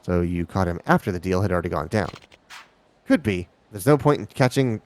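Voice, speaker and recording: A man's voice: deep voice, lively intonation, fairly quick. A man streaming a game live, reading the characters' lines aloud and sometimes stumbling over words.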